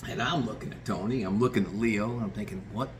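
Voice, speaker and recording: A man's voice: fairly low pitch, fairly even intonation, fast, a little hiss or hum. A man telling a true story in a loose, rambling way, swearing casually and restarting his sentences.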